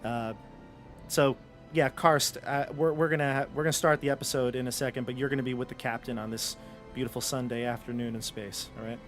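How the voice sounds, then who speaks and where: A man's voice: medium pitch, steady tone, fairly quick, a bit bright, soft background music. A man running a tabletop game as game master, narrating in a loose, conversational way with frequent fillers and restarts.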